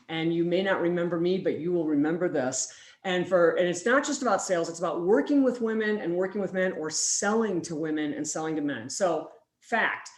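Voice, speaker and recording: Lively woman speaker in an echoey room. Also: on the low side. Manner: lively, acts out quoted dialogue. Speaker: keynote speaker. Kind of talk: conference keynote storytelling. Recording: roomy, echoey hall.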